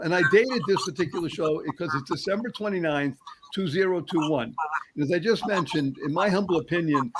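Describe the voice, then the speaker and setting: Upbeat man hosting a video call. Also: a little high. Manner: upbeat, rambling with fillers. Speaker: host. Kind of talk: live webinar panel chat. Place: home office in Nevada. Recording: noisy video call audio.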